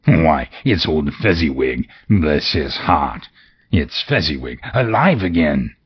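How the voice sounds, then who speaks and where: Subdued old miser, voiced by a man, very deep and soft-spoken, husky tone. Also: slow, no echo, highs cut off, heavily acted. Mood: rueful, wistful. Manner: quiet, hushed, rueful.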